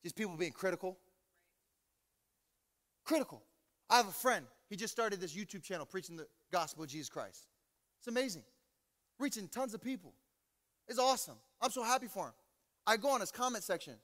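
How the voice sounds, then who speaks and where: A man preaching an energetic, joking sermon as pastor, swinging from loud preaching to low asides. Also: fairly quick, long pauses. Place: large church hall. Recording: reverberant hall with music.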